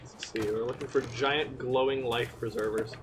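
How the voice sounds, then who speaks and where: A man's voice: mid-range voice, fairly even intonation, moderate pace, over music. A man playing a video game on a live stream, chatting casually and laughing often. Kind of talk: casual gaming chat.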